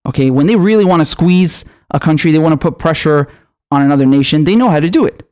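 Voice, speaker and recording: A man's voice: a little high, expressive, fast talker, darkish tone. A young man delivering angry, profane political commentary, firing off sarcastic rhetorical questions.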